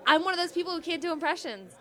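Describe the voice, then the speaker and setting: High, lively young woman laughing easily. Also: very fast, some chatter behind. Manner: laughs often, self-deprecating. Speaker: podcast co-host. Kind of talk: casual chat.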